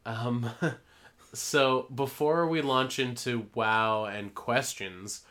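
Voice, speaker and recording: Young man, podcast host, bright voice, loose rambling chat. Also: medium pitch, drawn-out words. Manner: rambling, laughs often, fillers. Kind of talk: casual chat.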